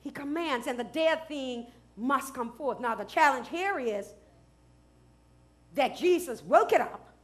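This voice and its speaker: A woman pastor preaching a sermon, dropping to hushed asides and rising to loud shouts, with features. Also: high voice, expressive, measured pace. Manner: swings from hushed asides to loud shouted declarations, laughs often.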